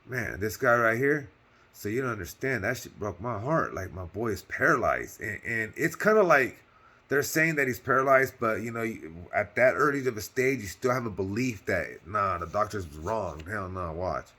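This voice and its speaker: A man's voice: lowish voice, expressive, moderate pace, pushed and bright. A man casually telling a personal story on his channel, in loose slang with cursing and lots of fillers, earnest and heartfelt.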